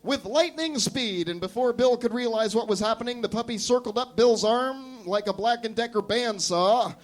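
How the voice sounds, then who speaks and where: A man, a performance artist, reading an absurd comic story aloud at a live café show in a deadpan storytelling manner. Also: extremely high pitch, normal speed.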